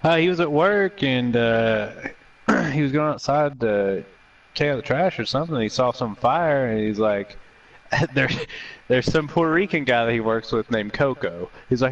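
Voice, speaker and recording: A man's voice: medium pitch, moderate pace, distant mic. Man telling stories, lo-fi sound. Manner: animated profane storyteller. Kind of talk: casual chat.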